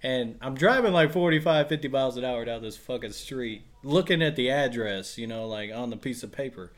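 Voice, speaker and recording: A man's voice: medium pitch, brisk. A man co-hosting a casual podcast, telling stories full of swearing and laughter. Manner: profane, laughing storyteller. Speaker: podcast co-host.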